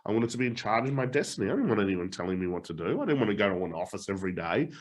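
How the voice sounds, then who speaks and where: A man's voice: on the low side, rapid-fire. A middle-aged man coaching a live online challenge, telling personal stories with frequent laughs and casual swearing. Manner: animated storytelling, laughs often, swears casually. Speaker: motivational coach.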